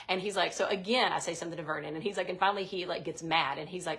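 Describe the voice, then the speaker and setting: A woman's voice: fairly low pitch, very fast, a bit bright. A woman co-hosting a casual chat, retelling a spooky story with many fillers. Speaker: co-host.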